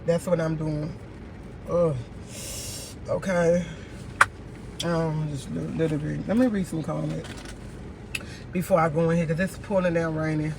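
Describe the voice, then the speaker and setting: A man's voice: on the high side, little pitch movement, a little slow, gravelly, pauses often, background noise. A man venting in a casual vlog, exasperated and repeating himself as he rants from inside a car. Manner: exasperated, repetitive ranting. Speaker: vlogger.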